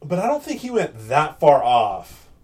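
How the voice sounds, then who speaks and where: A man's voice: a little high, huge pitch swings, unhurried, darkish tone. A man co-hosting a casual movie chat, giving blunt, profane opinions.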